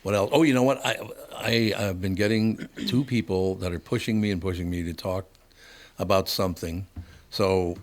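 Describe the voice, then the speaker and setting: An older man hosting a chatty radio show, voice sitting low and easy. he spins a long anecdote and keeps laughing at his own punchlines. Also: steady tone, moderate pace. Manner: storytelling, chuckles through his punchlines. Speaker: host. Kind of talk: casual radio talk show chat.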